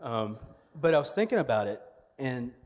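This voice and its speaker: A man's voice: medium pitch, very animated, normal speed, darkish tone, big-room sound. A man, delivering a sermon as a church media director, conversational and humorous with storytelling. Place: church sanctuary.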